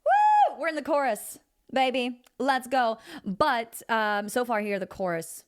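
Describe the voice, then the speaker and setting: A woman vocal coach giving a casual singing lesson, chatty and expressive, thinking aloud as she teaches. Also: on the high side, unhurried, heavy background noise.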